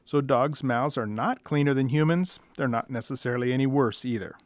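A man's voice: mid-range voice, fairly quick, no room sound. A middle-aged man, a veterinarian, telling dry, wry stories about the questions his callers ask. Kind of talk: storytelling monologue.

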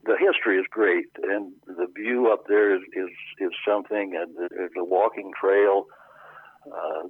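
Deep husky man on a phone line. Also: steady tone, dry recording. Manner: halting, many repeated starts. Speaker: board member, guest. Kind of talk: casual radio interview by phone.

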